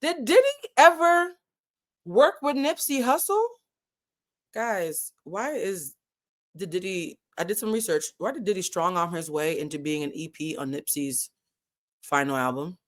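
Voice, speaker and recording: A woman with a New England accent hosting a casual live commentary stream, animated and digressive, swearing freely and swinging between loud and soft. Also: on the low side, measured pace. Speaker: commentary channel host.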